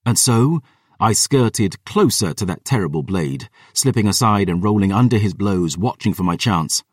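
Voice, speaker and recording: Low-voiced man narrating a dark fantasy. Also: expressive, moderate pace, husky, dry recording, clean studio sound, far from the mic. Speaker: audiobook narrator. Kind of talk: first-person fantasy narration.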